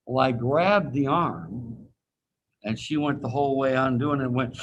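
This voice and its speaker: A man's voice: medium pitch, lively intonation, moderate pace, muffled recording. Folksy man lecturing over a video call. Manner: folksy storytelling, acts out quoted voices. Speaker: anatomy teacher. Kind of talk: casual classroom lecture with personal anecdote.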